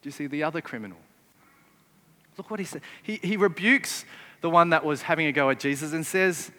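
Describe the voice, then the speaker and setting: High-voiced preacher in a reverberant hall. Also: male voice, a little fast, pushed and bright. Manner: emphatic, asks the listeners rhetorical questions. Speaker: pastor. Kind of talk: sermon.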